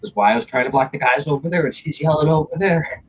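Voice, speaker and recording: The stream audio is dull and lo-fi as a young male host tells a casual story full of swearing and impersonated lines from other people. His voice is husky and fairly high, and he talks fast.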